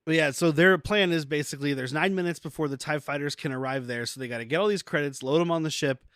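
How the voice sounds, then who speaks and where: A man's voice: on the high side, quick pace, a bit bright, dry recording, studio quality. A man co-hosting a podcast, chatting casually and retelling TV scenes with frequent laughter. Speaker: podcast co-host. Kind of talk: casual chat recapping a TV show.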